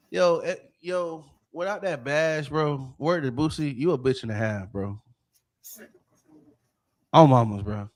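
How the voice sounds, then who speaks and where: A man's voice: on the high side, unhurried, long pauses, a little mellow. A man hosting a podcast, ranting in a heated, profane way and often restarting his sentences. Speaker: podcast host. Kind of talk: casual podcast rant.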